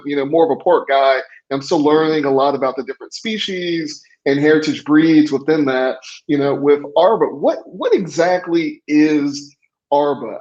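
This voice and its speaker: A man with a somewhat high voice co-hosts a casual chat, cracking jokes and laughing, words coming in quick bursts. The sound is dull and lo-fi. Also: a little mellow. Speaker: co-host.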